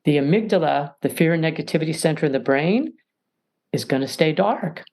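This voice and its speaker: A woman's voice: low-pitched, animated, a little fast, darkish tone. A middle-aged woman, a mediator and podcast guest, giving emphatic advice and acting out little scenes as she explains. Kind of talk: animated advice talk.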